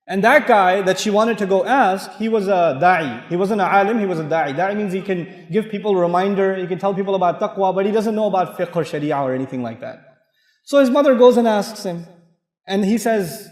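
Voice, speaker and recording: A man giving an Islamic sermon with humorous stories and animated, acted-out asides. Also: high voice, brisk. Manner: animated, humorous, acts out quoted voices. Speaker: Islamic lecturer. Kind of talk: sermon with storytelling. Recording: echoey hall with long reverb.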